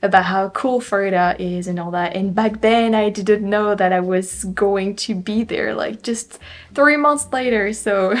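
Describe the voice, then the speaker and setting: Chatty French woman vlogging her travels. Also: mid-range voice. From France. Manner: chatty, laughs often, many fillers and restarts. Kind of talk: casual chat to camera.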